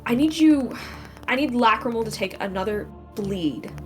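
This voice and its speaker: A woman running a tabletop game as game master, slow and halting, thinking aloud. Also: on the high side, big pitch swings, over music, poor audio.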